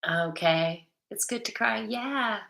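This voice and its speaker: A woman's voice: a little high, slow, gravelly, sharp tone. A middle-aged woman hosting a casual livestream, chatting and reading viewer comments aloud. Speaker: livestream host. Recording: echoey room.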